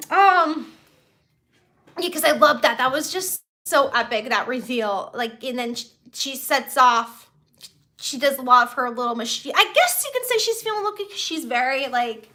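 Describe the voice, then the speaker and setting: A young woman hosting a casual live stream from home, chatty and excitable, full of fillers and restarts. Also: high voice, moderate pace. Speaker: YouTube host of a live stream.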